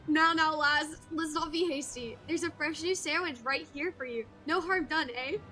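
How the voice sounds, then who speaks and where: A woman reading a gruff male pirate guildmaster's game dialogue aloud, with salty seafaring speech. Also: high-pitched, moderate pace, pushed and bright, faint music behind. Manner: salty seafaring speech, calls others lass.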